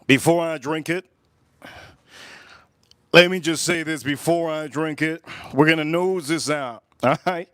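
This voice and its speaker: A middle-aged man chats casually to his livestream viewers, looping back over the same phrases as he goes. His voice sits a little on the high side. The sound is dry, with no room echo. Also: unhurried, long pauses, fairly bright tone, smooth. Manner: rambling, repeats phrases, addresses viewers directly. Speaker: livestream host. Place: at home.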